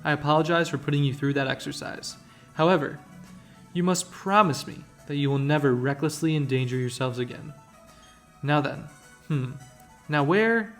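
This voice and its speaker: A man's voice: a little high, normal speed, soft background music, close to an everyday voice. Man reading as a stern old professor. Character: stern, measured older male professor.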